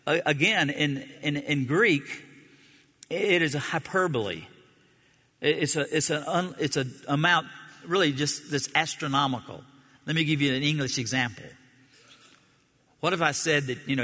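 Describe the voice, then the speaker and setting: A man delivers a sermon in a relaxed, conversational way, reading scripture and turning to his listeners with questions. His voice is bright and clear. A long reverb trails after his words in the hall. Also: fairly high pitch. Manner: conversational preaching, asks the audience questions. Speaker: pastor.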